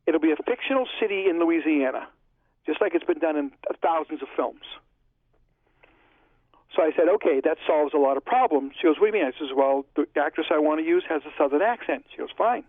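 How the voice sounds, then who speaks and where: A filmmaker guest with a fairly high, expressive voice speaks fairly quickly in a casual storytelling interview. He's chatty and reenacts past exchanges line by line, and the recording is dry, like a phone line.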